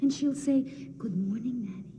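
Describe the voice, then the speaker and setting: A hushed, resolute young princess. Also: female voice, on the high side, moderate pace, creaky, a little hiss or hum. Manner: soft, hushed, intense, often near a whisper. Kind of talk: film drama acting.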